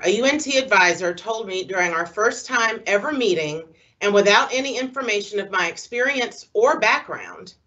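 A woman moderating a town hall, reading out student accounts in a measured, deliberate way. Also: fairly low pitch, bright, forceful tone, muffled recording.

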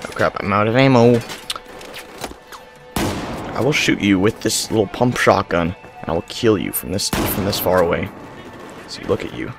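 A young man giving excitable gameplay commentary, yelling in panic and triumph. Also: on the low side, moderate pace, creaky, long pauses, music in the background. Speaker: gaming channel host.

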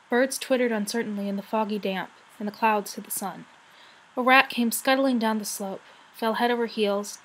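A woman reading a children's fantasy novel aloud, with expressive storytelling. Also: mid-range voice, a little hiss or hum, low-quality recording. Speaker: audiobook reader.

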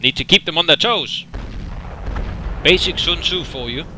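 A man's voice: on the high side, lively intonation, normal speed, bright, forceful tone. A man giving casual, wry commentary over his own tank gameplay. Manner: wry, dry humor, self-deprecating. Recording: noisy game audio underneath.

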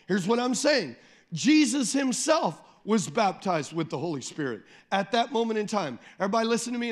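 A man preaching a sermon as pastor, emphatic, repeating phrases, calling on the congregation and slowing down to read scripture. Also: sits high. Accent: Midwestern American. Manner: slows down and lifts the voice when reading scripture.

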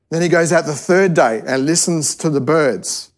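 A man's voice: a little high, a little slow. A man preaching a sermon to a church service, telling a parable in an easygoing, conversational way and often restarting his sentences. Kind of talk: sermon teaching.

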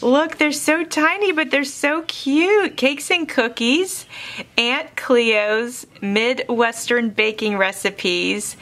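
A woman vlogger opens craft mail at home and talks her viewers through each piece. She speaks slowly and lingers over her words, gushing with warm exclamations. Her voice is bright and clear, and it sits in a middle pitch. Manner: reads card messages aloud. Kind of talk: casual unboxing chat to camera.

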